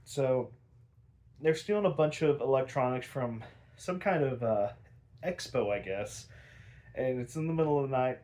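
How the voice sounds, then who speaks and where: A man's voice: mid-range voice, lively intonation, normal speed, long pauses, a little mellow. A man casually recapping a cartoon episode, rambling with lots of filler words and frequent laughs. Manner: rambling, lots of likes and ums, laughs often.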